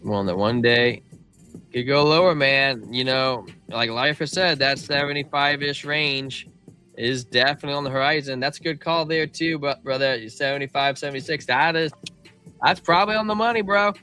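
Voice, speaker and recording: Bright-voiced casual crypto stream host. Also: male voice, mid-range voice, fairly even intonation, moderate pace, faint music behind. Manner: casual slangy talk, calls viewers man and bro. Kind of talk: live chart analysis with chat.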